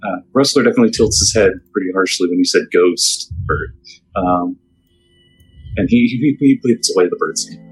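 A man with a lowish voice plays a tabletop game, describing what his character does in halting speech full of fillers. Faint music runs behind him. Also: poor audio. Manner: hesitant, halting, many fillers. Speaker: player. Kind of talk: casual tabletop play.

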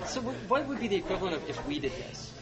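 A man's voice: high voice, big pitch swings. A man co-hosting a soccer podcast in casual chat, loosely tossing out hypothetical scenarios. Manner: posing hypotheticals, quick and loose. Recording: loud crowd behind.

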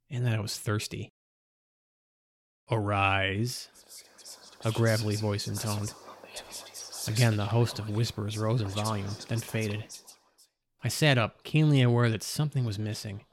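A man reading a first-person gothic horror story in a measured storytelling voice. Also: on the low side, no room sound. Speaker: narrator.

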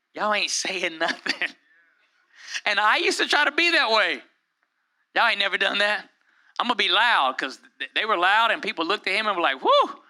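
High, bright-voiced preaching pastor. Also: male voice. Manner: lively preaching, acts out quotes in raised voices. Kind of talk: sermon.

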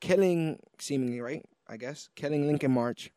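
A man on a comic book review podcast recaps the plot with lively energy, slipping into the characters' lines as he goes. His voice sits a little high for a man. The sound is dry and close, with no room in it. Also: moderate pace, clear, resonant tone, no echo. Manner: animated retelling, acts out characters' lines. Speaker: podcast co-host.

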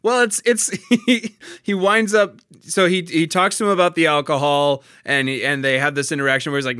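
A man's voice: fairly high pitch, steady tone, brisk, bright, forceful tone, clear, resonant tone, no room sound, studio quality. A man in casual conversation about a play, laughing often and restarting his sentences. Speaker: podcast co-host discussing a play. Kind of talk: casual chat.

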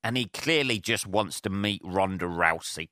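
A man on his own podcast, ranting in a loose, swear-heavy ramble full of restarts. His voice is lowish, bright and crisp, recorded dry and close on a handheld recorder. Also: normal speed, dry recording. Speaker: podcast host. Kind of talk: casual solo rant. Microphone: handheld portable recorder.

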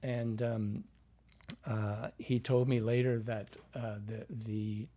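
A man in an interview spins loose, rambling anecdotes about his work as a dialect coach. His voice is mellow and dark, with a husky grain. He keeps restarting and piling in fillers as he goes. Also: on the low side, flat delivery, takes it slowly.

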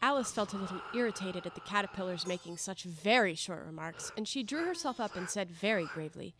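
A woman reads a classic children's tale aloud in a clear, measured way. Her voice sits in a typical middle pitch. The telling is expressive and steady. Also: music in the background. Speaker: storyteller. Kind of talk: storybook read-aloud narration.

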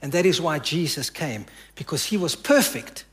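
High-voiced man preaching with dramatic hushes. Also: animated, moderate pace. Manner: preaching with dramatic drops to soft quoted lines. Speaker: pastor. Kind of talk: sermon.

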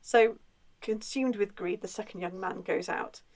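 A woman telling a spooky folk tale in a relaxed, chatty way, with frequent filler sounds. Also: mid-range voice, unhurried, poor audio. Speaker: storyteller. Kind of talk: conversational folklore storytelling.

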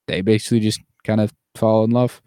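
A man's voice: level tone, brisk, warm tone, clear, resonant tone, no room sound. Rambling man recapping a film, dry mic. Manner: rambling recaps with fillers, jumps into mocking high put-on voices. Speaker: podcast co-host. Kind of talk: casual chat.

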